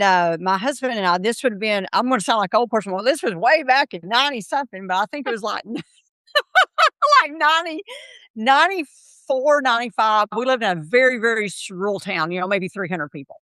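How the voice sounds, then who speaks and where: A middle-aged woman with a medium-pitched voice, recorded dry, is interviewed as a podcast guest. Telling her story with lively animation, she acts out the quoted voices of the people involved.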